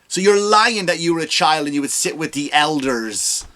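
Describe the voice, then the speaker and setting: A man's voice: a little high, lively intonation, normal speed, sharp tone. A man hosting a comedy podcast, ranting sarcastically about politics with profanity and rhetorical questions.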